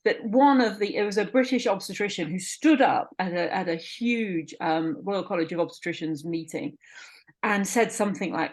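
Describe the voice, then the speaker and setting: A woman's voice: medium pitch, moderate pace. A middle-aged woman, a midwife, speaking in an interview with passionate emphasis and repeated words. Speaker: midwife and guest. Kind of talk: conversational interview.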